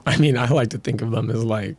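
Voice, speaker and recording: A man's voice: mid-range voice, steady tone, fast talker, gravelly, a little mellow, breathy edge, no echo. A man co-hosting a podcast in casual chat, dropping offhand joking quips. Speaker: podcast co-host.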